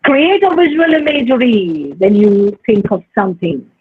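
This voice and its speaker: A woman teacher educator giving a recorded lecture on life skills, speaking in a measured way with deliberate pauses and stressed words. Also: medium pitch, husky, no room sound. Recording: dry, phone-like narrow sound.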